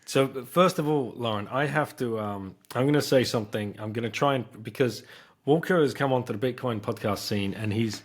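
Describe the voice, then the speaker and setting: A man's voice: medium pitch, brisk. A man hosting a podcast, chatting in an upbeat, teasing way. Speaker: podcast host. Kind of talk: casual chat.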